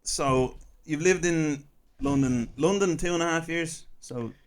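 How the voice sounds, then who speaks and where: A man's voice: fairly high pitch, measured pace. An Irish man hosting a podcast, asking questions in an easygoing way with dry humour. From Ireland. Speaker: podcast host. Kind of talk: casual podcast interview.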